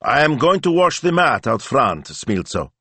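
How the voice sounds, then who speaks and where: A man's voice: fairly low pitch, big pitch swings, slow, vocal fry, a bit bright, no room sound, voice pushed up, full character voice. A male narrator voicing a harried, sarcastic middle-aged shopkeeper in an audiobook. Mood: exasperated. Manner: exasperated and sarcastic.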